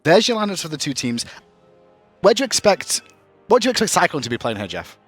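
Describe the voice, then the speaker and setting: A young man with a fairly high voice casts an esports draft at speed. His pitch swings widely as he jokes with his co-hosts and reads out the picks. He sounds quick and animated throughout. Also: faint music behind. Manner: quick, animated, banter-heavy. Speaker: esports caster. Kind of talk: esports play-by-play commentary.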